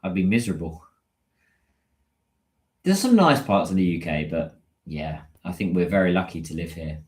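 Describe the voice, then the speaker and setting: A British man with a low voice hosts a casual livestream, chatting with his viewers and answering their comments as they come in. His voice carries a roomy echo. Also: expressive, moderate pace, darkish tone. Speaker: livestream host.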